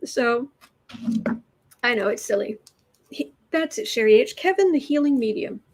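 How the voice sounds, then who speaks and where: A woman's voice: on the high side, expressive, normal speed, noisy background. A woman hosting a tarot livestream in a casual, rambling way, greeting viewers from the chat and chatting as she goes. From United States.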